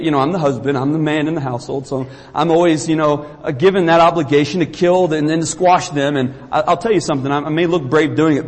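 A man's voice: on the high side, slightly rough, long reverb tail. A man from Kentucky, preaching an earnest sermon in a church and often repeating words for emphasis. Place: church sanctuary.

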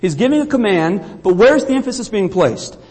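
A man's voice: high-pitched, big pitch swings, normal speed, mellow, breathy edge, big-room sound. A man from Kentucky, preaching an earnest sermon in a church and often repeating words for emphasis. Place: church sanctuary.

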